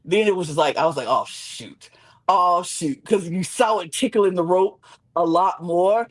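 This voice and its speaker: Male podcast co-host, AAVE, casual recap chat, very animated, dramatic pitch jumps. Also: normal speed. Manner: animated, acts out reactions with big pitch swings.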